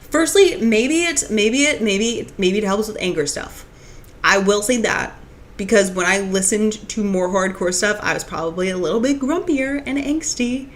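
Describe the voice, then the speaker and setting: A woman's voice: medium pitch, normal speed. A young woman streaming live, chatting casually and reading out viewer comments, rambling with lots of restarts and filler words. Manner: rambling, restarts, many "like"s, reads chat comments aloud.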